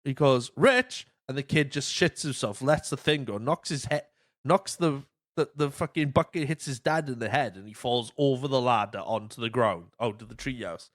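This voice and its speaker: A man's voice: medium pitch, normal speed, no echo, clean studio sound. A man hosting a podcast, telling stories casually with lots of swearing and acted-out quotes. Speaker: podcast host. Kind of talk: casual chat.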